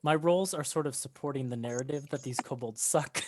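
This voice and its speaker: A woman's voice: very deep voice, fairly quick, background noise. A woman narrating as game master in a chatty, giggly way, with many fillers.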